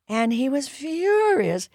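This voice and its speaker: Animated woman in her nineties, gravelly. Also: sits high. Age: 90s. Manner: lively storyteller, acts out quotes, wry. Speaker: guest. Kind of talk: anecdotal interview storytelling.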